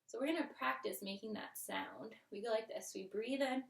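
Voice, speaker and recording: A woman leading a children's yoga lesson in a gentle, playful, encouraging way, sometimes dropping to a whisper. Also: fairly high pitch, normal speed, vocal fry, far from the mic. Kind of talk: guided kids' yoga lesson. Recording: echoey room, voice from the mic.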